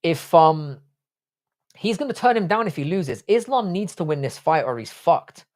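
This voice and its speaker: Blunt, swearing Irish-born livestream host. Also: male voice, fairly high pitch, big pitch swings, normal speed. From Ireland. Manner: blunt, profane, chatty. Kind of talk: casual live chat reading comments.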